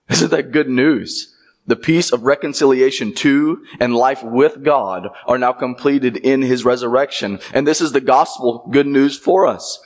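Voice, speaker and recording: Guy preaching a sermon, talks to the room casually, lots of asides and repeats himself for emphasis. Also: medium pitch. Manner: conversational preaching with frequent asides and repeated phrases. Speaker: pastor.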